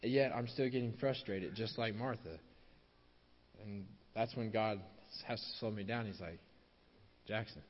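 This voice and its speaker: Low-voiced man preaching in an echoing hall. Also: measured pace. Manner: repeats key phrases for emphasis, drops softer on closing lines. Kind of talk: sermon. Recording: dull lo-fi sound with long hall reverb.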